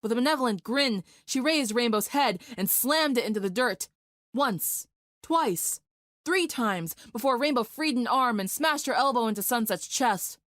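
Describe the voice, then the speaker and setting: A woman narrating a dramatic fan fiction story in a steady, vivid storytelling voice. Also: on the high side, moderate pace, dry recording, studio quality.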